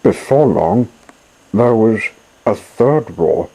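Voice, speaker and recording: A man reading a children's storybook aloud in a slow, gentle narrating manner. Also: low voice, animated, vocal fry, slightly rough, rough recording.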